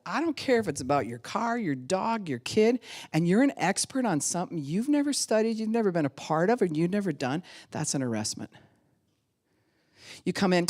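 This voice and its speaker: A low-voiced woman pastor preaches a sermon animatedly, laughing often and acting out the voices of those she quotes.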